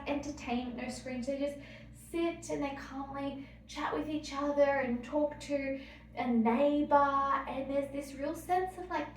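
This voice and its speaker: A young woman with an Australian accent muses warmly in a casual travel vlog, rambling with little fillers. Her voice sits a touch high. She sounds off-mic in a reverberant space with faint ambient noise behind her. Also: far from the mic. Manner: chatty, reflective, many fillers. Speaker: vlogger. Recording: roomy, off-mic, light ambience.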